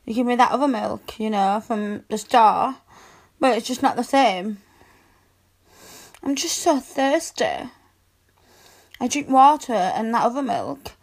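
Woman doing a whiny cat girl for an adult audio role-play, high voice, slow and draggy, lots of meows. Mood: pleading. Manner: whiny and pleading, sprinkled with meows. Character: needy, pouty young adult cat girl.

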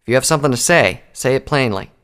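A man's voice: mid-range voice, animated, fast, a bit bright, smooth, natural voice. A man voicing a plainspoken, folksy earth pony mare in a storybook reading. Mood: earnest. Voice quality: folksy, plainspoken country talk.

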